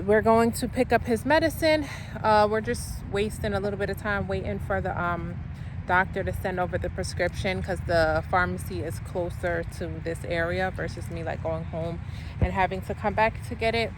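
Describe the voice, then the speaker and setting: Chatty mom vlogging over car noise. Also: female voice, mid-range voice. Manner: chatty, rambling with many fillers. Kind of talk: casual vlog chat. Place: in and around a car, outdoors. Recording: noisy outdoor and car ambience.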